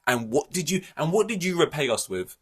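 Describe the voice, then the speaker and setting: A man's voice: on the high side, very animated, a little fast, fairly bright tone, husky. A man hosting a solo podcast, ranting in an exasperated, rambling way with many fillers and restarts. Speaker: podcast host.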